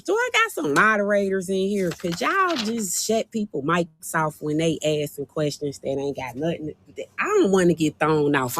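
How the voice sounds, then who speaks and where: A woman hosting a casual livestream and talking to her viewers on a phone mic. She is animated and exasperated, and she repeats herself. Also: on the low side, dry recording. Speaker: livestream host.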